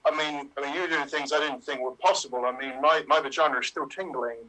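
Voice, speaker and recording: A man performing an improvised comedy scene, halting and hesitant with many fillers. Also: on the high side, fairly even intonation, sharp tone, low-quality recording.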